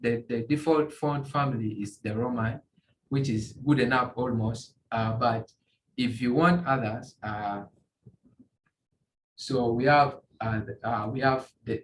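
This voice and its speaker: A man teaching a beginner's coding tutorial, walking through screen examples in a halting way, often repeating and restarting phrases. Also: mid-range voice. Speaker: tutorial instructor. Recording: echoey room, faint ambient noise.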